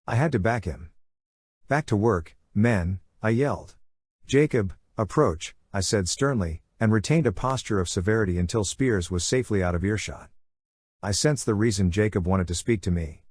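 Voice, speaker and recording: A man narrating an audiobook in a steady, even storytelling manner. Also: on the low side, no room sound. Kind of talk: scripted narration.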